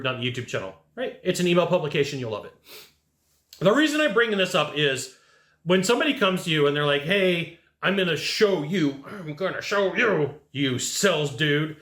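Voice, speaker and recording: A man delivers a sales training monologue in a punchy, animated way, acting out customer back-and-forth as he goes. His voice is bright and sits a bit high. The room around him is echoey.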